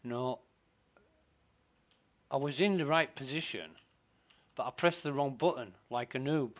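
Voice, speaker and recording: Slow, muttering man gaming. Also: medium pitch. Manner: slow, muttering to himself, self-deprecating. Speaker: streamer playing a space game. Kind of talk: casual gameplay commentary.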